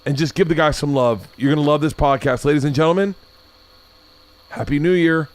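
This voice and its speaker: A podcast host in his forties chats casually, telling stories loudly while laughing and swearing. His voice is on the high side, and he talks a little fast.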